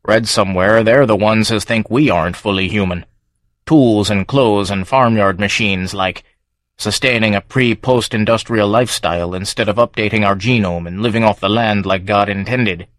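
A man voicing a laconic middle-aged farmer with a slow, rustic drawl. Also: lowish voice, a bit bright, no room sound, studio quality, close to an everyday voice.

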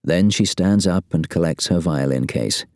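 A man narrating an audiobook thriller in a steady, even-paced reading voice. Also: sits low, normal speed, dry recording, clean studio sound. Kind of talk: scripted narration.

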